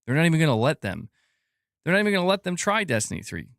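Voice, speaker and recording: A man's voice: on the high side, rapid-fire, gravelly, no room sound, studio quality. A man hosting a gaming news live stream, chatting casually and reading viewer comments. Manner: animated, talks to chat, reads comments aloud. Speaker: podcast host.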